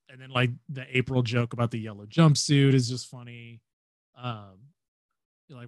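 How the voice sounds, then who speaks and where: A young man rambling through a casual fan chat on a podcast, full of fillers and restarts. His voice sits at an ordinary middle pitch. It is recorded close and dry, with no room sound. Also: fairly even intonation, normal speed, no room sound. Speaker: podcast co-host.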